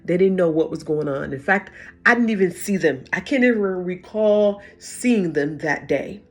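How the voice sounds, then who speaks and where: A middle-aged woman telling her own hard story as emotional testimony, halting and repeating words as she goes. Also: on the low side, lively intonation, faint music behind. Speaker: vlogger sharing a personal story.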